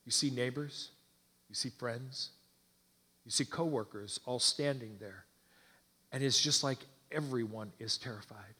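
Husky preacher guy telling a story real slow, kinda high voice. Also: big-room sound. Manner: slow, dramatic and hushed. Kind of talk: sermon storytelling.

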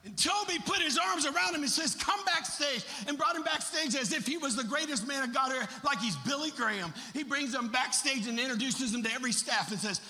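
A man's voice: very high-pitched, fairly quick, hardly any pauses, pushed and bright. A man preaching a sermon as a storyteller, with impassioned, emphatic delivery. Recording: long reverb of a large hall.

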